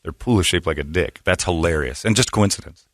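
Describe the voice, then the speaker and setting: A man's voice: deep voice, no echo, clean studio sound. A middle-aged man hosting a morning radio show, ranting and mocking in a brash way. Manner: brash, ranting, quick to mock, slips into put-on voices. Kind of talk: opinionated morning radio talk.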